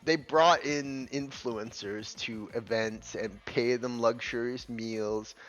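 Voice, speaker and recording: A man's voice: mid-range voice, steady tone, slow pace, a bit bright. A man ranting scornfully in gaming commentary, swearing heavily as he reacts to clips. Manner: profane, scornful, heated. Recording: dull lo-fi audio with faint music.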